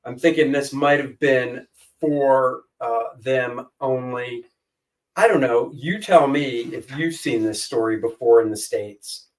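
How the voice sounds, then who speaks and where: A man's voice: mid-range voice, slow, recorded from a distance, poor audio. Joking man, a bit away from the mic. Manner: jokey, rambling, flips voices for quotes. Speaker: co-host. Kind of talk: casual chat.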